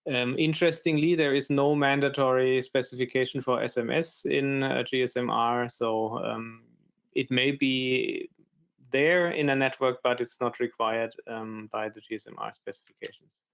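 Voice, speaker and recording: A man's voice: medium pitch, fairly even intonation, moderate pace, gravelly, a bit bright, clear, resonant tone. A man presenting a technical talk on a developer video call, hesitant and full of fillers.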